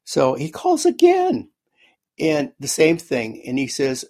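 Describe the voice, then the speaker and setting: A man, a guest author in an interview, recounting a personal story in a halting way, often repeating words as he goes. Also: a little high, huge pitch swings, a little mellow.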